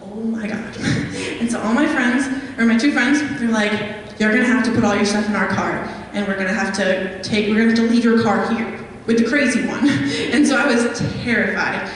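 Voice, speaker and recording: A woman's voice: fairly high pitch, normal speed, hardly any pauses, recorded from a distance. Young woman telling a story in an echoey hall. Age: young adult. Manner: chatty storytelling with many ums. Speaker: guest speaker. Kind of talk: live talk with audience questions. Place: meeting hall.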